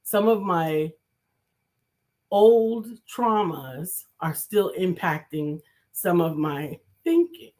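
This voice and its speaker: A woman's voice: on the low side, big pitch swings, takes it slowly, a little mellow. Reflective New woman co-host. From New York City. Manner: reflective, thinks aloud with restarts. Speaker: co-host, coach. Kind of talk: casual conversational talk.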